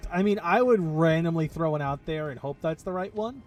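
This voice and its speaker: A man's voice: fairly high pitch, animated, a little fast, faint music behind. A man chatting casually and jokingly, with some swearing, while playing a game. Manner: joking, profane, playful. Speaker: gameplay co-host. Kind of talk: casual gaming chat. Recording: distant mic with clear background noise.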